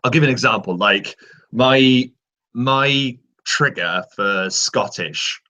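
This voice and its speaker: A man's voice: medium pitch, slow, pushed and bright. A man who guests as a voice actor on a casual panel, explaining his approach patiently and giving examples.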